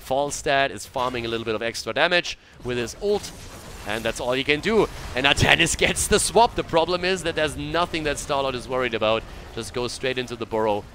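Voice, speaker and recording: A man casting a video game match on his own, mixing brisk play-by-play with coaching tips. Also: medium pitch, bright, forceful tone, a little hiss or hum. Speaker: esports caster. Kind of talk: solo match commentary with analysis.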